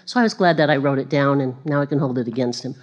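A woman giving a conversational sermon, chatty and self-deprecating, with laughing asides, and growing animated as she retells stories. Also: a bass voice, fast, lo-fi sound.

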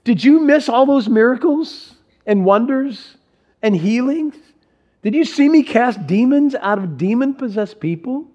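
A man's voice: extremely high pitch, lively intonation, unhurried, darkish tone, pitched above the performer's own voice, heavily acted. A man playing a teacher who teases his followers, sarcastic and mock-surprised, in a sermon. The recording is dull and lo-fi. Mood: incredulous. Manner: sarcastic, incredulous. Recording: dull lo-fi sound.

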